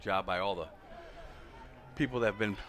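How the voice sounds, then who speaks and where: A man who coaches track, giving color commentary at an outdoor meet and telling lively stories. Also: on the low side, moderate pace, a little hiss or hum. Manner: animated storyteller, voices quoted people loudly. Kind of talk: live sports commentary with storytelling.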